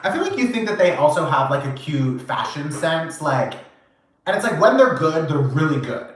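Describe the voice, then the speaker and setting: A man giving a channeled tarot reading, animated and casual, acting out quoted reactions, swearing now and then and laughing often. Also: a little high, normal speed, slight background noise. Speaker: tarot reader. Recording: very echoey room.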